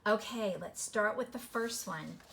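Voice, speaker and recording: A woman teaching a phonics lesson to children, encouraging and sounding words out slowly syllable by syllable. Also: medium pitch, gravelly, a bit bright. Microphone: recorded video lesson.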